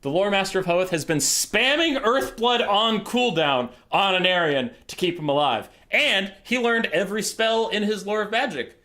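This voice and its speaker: A man's voice: high-pitched, expressive, normal speed, few pauses, pushed and bright. A man streaming a strategy game, telling a rambling, sweary comic story as he plays.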